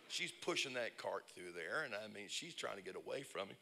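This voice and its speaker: A man preaching with a low, gravelly voice that still sounds bright and sharp. He tells stories with big swings in pitch and sudden shouts. It is a lively, humorous sermon. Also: a little fast, few pauses, slight background noise. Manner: animated storyteller, bursts into shouts and laughs. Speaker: pastor. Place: church conference service.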